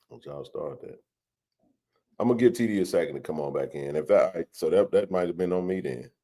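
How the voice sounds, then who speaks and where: Lively low-voiced man hosting. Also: moderate pace, long pauses. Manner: loose and joking, greets the chat by name. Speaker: host of a live sports chat stream. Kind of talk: casual live-stream chat.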